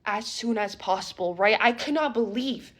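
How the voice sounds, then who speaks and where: Young woman, breathy, slightly high voice, animated storytime vlogger. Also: moderate pace. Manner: animated, dramatic retelling with repeated "okay?". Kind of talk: casual storytime vlog.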